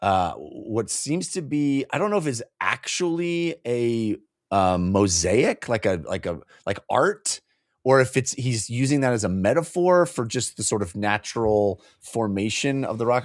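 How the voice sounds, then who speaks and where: A man chats through a novel's plot with a co-host, rambling and joking. His voice sits at a middle pitch. It is recorded dry and close, with no room sound. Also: lively intonation, normal speed, no echo. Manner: rambling, laughing, jokey retelling with put-on quotes. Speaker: book club podcast co-host. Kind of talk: casual chat.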